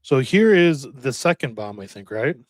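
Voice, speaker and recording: A man's voice: mid-range voice, very animated, moderate pace, dry recording. A man co-hosting a casual podcast chat, talking hesitantly with many ums while he looks things up. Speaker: podcast co-host.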